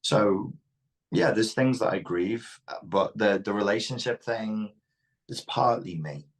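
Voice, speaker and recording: A man's voice: fairly low pitch, takes it slowly. A man with a Liverpool Scouse accent, speaking frankly and reflectively as an interview guest. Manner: reflective, frank, occasionally swears. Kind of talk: candid interview talk.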